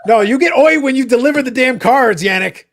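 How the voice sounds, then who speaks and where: A man from Canada hosting a casual livestream, ranting in animated bursts and cursing freely. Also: very high voice, brisk. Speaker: livestream host. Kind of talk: casual chat.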